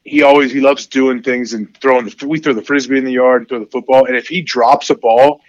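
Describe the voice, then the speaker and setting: A man in his forties chatting casually as an interview guest, rambling with many fillers and getting animated when he quotes his kids. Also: medium pitch, a little fast, no room sound, lo-fi sound. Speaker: podcast guest, former football player.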